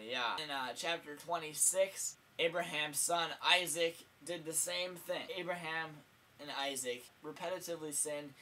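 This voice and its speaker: A young man delivers a casual vlog sermon in an earnest, plain-spoken way. His voice sits a little high and sounds bright and forceful, and he hammers his main points through repetition. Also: slight background noise. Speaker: vlogger preacher.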